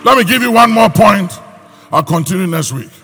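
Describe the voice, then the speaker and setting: A pastor preaching a sermon with a raspy voice, rising into shouts and sung phrases. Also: male voice, sits high, lively intonation, moderate pace. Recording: hall reverb with faint music.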